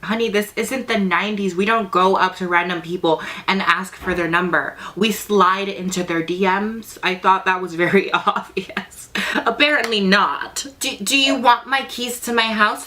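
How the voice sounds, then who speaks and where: A young woman with a bright, sharp-edged voice tells a story straight to camera in a casual vlog. She is sassy and theatrical, and she swears freely as she talks. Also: medium pitch, steady tone, unhurried. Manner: sassy, profane, dramatic storytelling. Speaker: vlogger.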